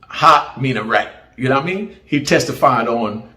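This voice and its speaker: A man's voice: medium pitch, expressive, moderate pace, sharp tone. A middle-aged man from Jamaica with a Jamaican accent, telling his prison story in casual street slang and acting out the voices of others. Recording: roomy echo.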